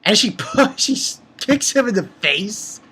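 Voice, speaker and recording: A man casually recapping a manga chapter for his channel, rambling and excitable, with lots of fillers and restarts. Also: high-pitched, measured pace, breathy edge. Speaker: manga review channel host.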